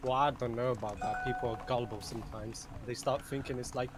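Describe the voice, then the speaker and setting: A man's voice: medium pitch, fairly even intonation, quick pace. A young man chatting casually while gaming on a stream, telling rambling stories and swearing freely. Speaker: gamer chatting on a live stream. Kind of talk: casual chat. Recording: noisy online voice chat.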